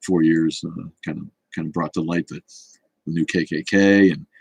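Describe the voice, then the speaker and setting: A man's voice: very deep voice, steady tone, normal speed, gravelly, darkish tone, slightly rough. A man hosting a casual livestream chat, answering comments in a rambling, blunt and profane way. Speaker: show host.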